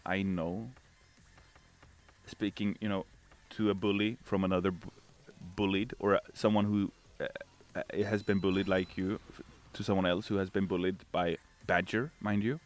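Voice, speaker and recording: This man has a low voice with fairly even intonation and a Swedish accent. A game developer live-streaming, he reads chat and jokes around theatrically, quick to put on silly voices.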